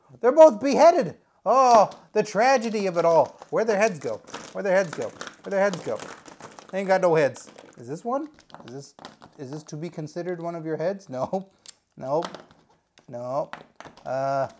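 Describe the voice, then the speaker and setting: A man's voice: fairly high pitch, slight background noise. A man hosting a comedic unboxing video, goofy and joking, full of wordplay and mock drama.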